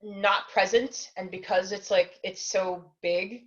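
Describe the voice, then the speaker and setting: A woman's voice: mid-range voice, fairly even intonation, slow, lo-fi sound. A woman from New Jersey chatting as a panelist on a video call, with lots of fillers.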